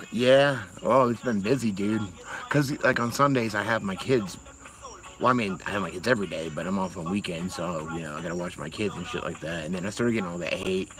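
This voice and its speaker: Rambling, profane man, low voice. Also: fairly quick, rough recording. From Massachusetts, USA. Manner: rambling, profane, laughs often. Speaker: livestreamer. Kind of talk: casual chat.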